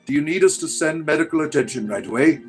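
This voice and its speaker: A man as a brisk, polite hotline operator. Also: a little high, soft background music, lightly acted. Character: polite male emergency-line operator.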